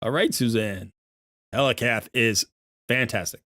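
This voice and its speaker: The middle-aged host's medium-pitched, slightly bright voice moves at a measured pace, captured in studio quality with no echo on a desk microphone. Live streaming casually from his home desk, he rambles, self-deprecates, and laughs a lot.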